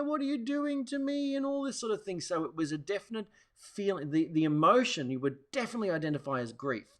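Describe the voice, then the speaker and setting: A man hosting a wellness show, talking casually to viewers in a rambling way with many restarts. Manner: rambling, restarts often, acts out quotes in a high voice. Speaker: host.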